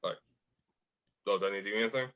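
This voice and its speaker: A man playing a tabletop game who talks in an energetic, playful way, on dull lo-fi audio. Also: fairly low pitch, rapid-fire. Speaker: player.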